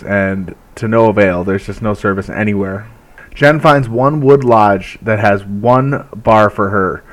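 A man casually recapping a TV episode, chatty, with frequent laughs and filler words. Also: lowish voice. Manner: chatty, laughs often, many filler likes. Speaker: recap host.

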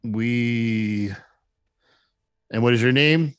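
A man's voice: medium pitch, extremely slow, fairly bright tone, clean tone, dry recording, studio quality. A man voicing a city guard who questions people in a businesslike way. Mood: questioning. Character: brusque city guard man, official and probing.

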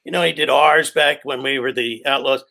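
A man's voice: mid-range voice, fairly even intonation, moderate pace, creaky, pushed and bright. An older man, a stand-up comedian, telling profane rambling stories from his career in casual chat. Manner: profane, rambling anecdotes with quoted voices.

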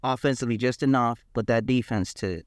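A man's voice: medium pitch, brisk, no room sound, clean studio sound. Emphatic man in casual sports talk. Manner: emphatic, repeats key words, restarts often. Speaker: podcast co-host.

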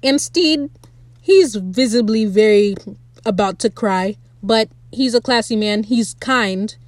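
Her voice sits on the high side and her pace is slow as she rants excitedly through a recap of a TV episode for her podcast. She curses without restraint, addresses listeners head-on, and there's no room sound.

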